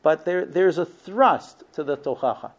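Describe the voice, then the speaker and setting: A man's voice: fairly high pitch, expressive, measured pace. A man giving a Torah lesson, telling a story with many ums and uhs. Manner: hesitant, frequent ums and uhs. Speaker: Torah teacher. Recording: dull lo-fi recording.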